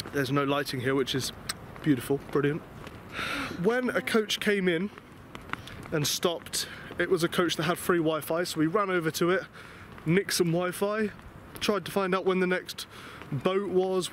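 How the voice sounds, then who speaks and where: A young Englishman with an English accent vlogs on the street at night, his voice sitting a touch higher than most men's. He rambles through the story with exasperation and self-mocking asides, and a faint hiss of noise runs underneath. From England. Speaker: travel vlogger. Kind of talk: casual storytelling to camera. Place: outdoors at night in a city.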